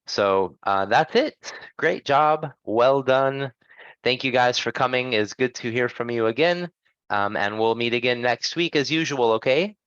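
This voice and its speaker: Slow, patient man teaching pronunciation. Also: mid-range voice, lively intonation, fairly bright tone, smooth, no room sound, lo-fi sound. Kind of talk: online pronunciation class.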